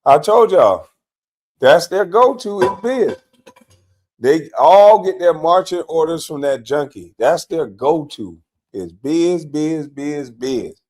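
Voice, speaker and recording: A man's voice: a little high, expressive, slow pace, darkish tone. A man hosting a live stream, mocking and cursing his way through commentary on a clip, laughing often.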